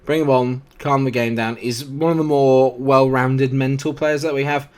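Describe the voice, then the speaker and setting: A man's voice: mid-range voice, fairly even intonation, moderate pace, darkish tone. A young man chatting through his game in casual commentary, joking at his own expense as he goes. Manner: chatty, jokey, self-deprecating asides. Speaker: gaming YouTuber.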